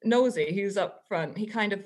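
A woman, a guest on a podcast, telling a story in a chatty, animated way and laughing often. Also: medium pitch, moderate pace. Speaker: guest author and teacher.

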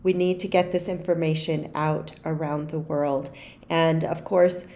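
Female podcast co-host, encouraging, slightly low voice. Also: flat delivery, a little slow. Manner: warm, encouraging address to listeners. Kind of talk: podcast interview and outro.

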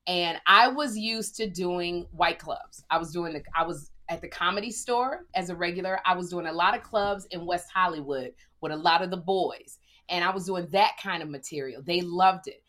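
A middle-aged woman comedian, chatting casually and telling stories in a lively, joking way. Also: lowish voice, moderate pace. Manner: animated storyteller, lively and joking. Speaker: stand-up comedian. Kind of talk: casual podcast chat.

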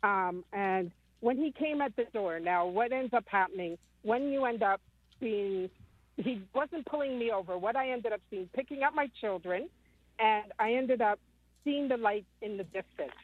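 A woman's voice: mid-range voice, no echo. Fifties woman calling in, rambles a lot, um um, sounds like a phone line. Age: 50s. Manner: rambling retelling with many ums. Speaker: caller. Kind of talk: phone-in call.

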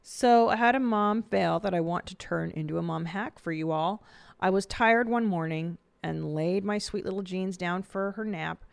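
Gravelly-voiced woman hosting a podcast. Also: on the low side, normal speed, no room sound. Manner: blunt, swears freely. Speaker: podcast host. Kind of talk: casual podcast chat.

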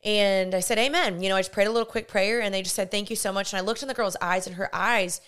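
A young woman talks through a personal faith story on her podcast, earnest and rambling, often circling back and restarting her sentences. Her voice sits at an ordinary middle pitch and comes across smooth and clear. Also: fairly even intonation, fast, a bit bright. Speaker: podcast host.

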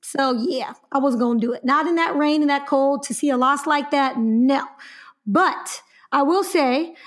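A young woman co-hosting a podcast, telling a story in a lively, chatty way and laughing often. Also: high voice. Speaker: podcast co-host. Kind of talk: casual podcast chat.

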